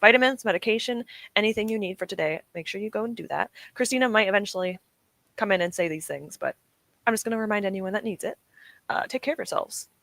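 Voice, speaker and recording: Bright, chatty young woman streamer. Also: mid-range voice, quick pace, vocal fry, dry recording. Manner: chatty, encouraging, often laughing. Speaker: streamer hosting reading sprints. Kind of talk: casual chat to live chat. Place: at home at her desk.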